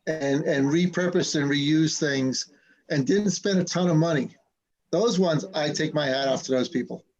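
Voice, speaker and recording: A man's voice: on the high side, normal speed, a little mellow, lo-fi sound. A man hosting a casual live stream chat, telling stories with an easy, laughing manner over a video call. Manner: chatty, laughing between stories. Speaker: host.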